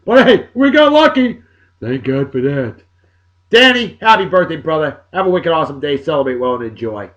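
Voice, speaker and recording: Giving birthday shout-outs on his video blog, a Massachusetts man with a fairly high voice talks at a moderate pace, and the recording has its highs cut off. He jokes animatedly, lurching from loud outbursts to mumbled asides.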